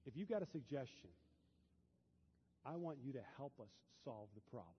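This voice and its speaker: A pastor preaching a sermon in a church, dropping to a hush and then building to loud, fervent peaks. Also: male voice, medium pitch, very animated, normal speed, slightly rough. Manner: swings from hushed to loud and fervent. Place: church sanctuary. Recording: dull, long hall reverb.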